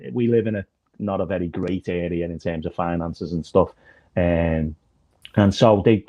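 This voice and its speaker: A man's voice: low voice, dark tone, highs cut off. A man, a minister and comedian, telling rambling, self-deprecating stories in casual chat. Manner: rambling storyteller, self-deprecating, many fillers.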